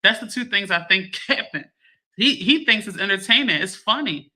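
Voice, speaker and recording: Woman host, very bright tone, laughing, casual live chat. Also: mid-range voice, normal speed. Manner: animated, laughing, addresses viewers as y'all. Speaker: livestream host.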